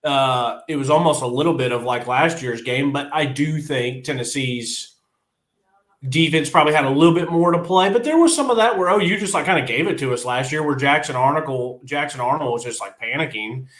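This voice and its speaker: A man's voice: mid-range voice, a little fast, a bit bright, roomy sound. A man co-hosting a podcast in casual sports chat, blunt and frustrated, laughing often. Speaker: podcast co-host.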